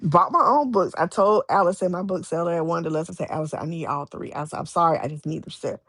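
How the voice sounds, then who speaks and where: Woman novelist guest, animated storyteller, husky tone, dry recording. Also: lowish voice, quick pace, no echo. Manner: animated, acts out quoted voices, many restarts. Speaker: romance author guest. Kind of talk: casual interview storytelling.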